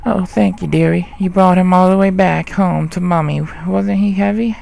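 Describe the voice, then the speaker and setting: Doting older woman, a man voicing her, fussy and cooing, a touch higher. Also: steady tone, normal speed, vocal fry, a little mellow, slight background noise.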